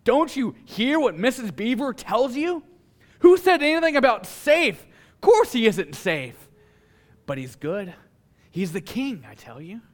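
A man's voice: very high-pitched, very animated, unhurried, voice pushed up, heavily acted. A man doing a blustering storybook beaver. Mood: indignant. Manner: emphatic, indignant. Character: blustering insistent male beaver.

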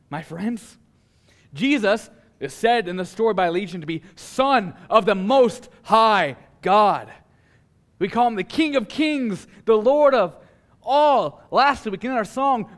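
A male pastor preaching a sermon with dramatic pauses, swinging from a hushed delivery to a forceful one. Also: high voice, expressive.

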